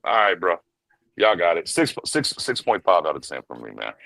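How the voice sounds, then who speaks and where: Low-voiced man in a dry, close recording. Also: gravelly, no echo, low-quality recording. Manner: animated storyteller, mimics characters in quick bursts. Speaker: podcast co-host reviewing a film. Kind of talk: casual chat.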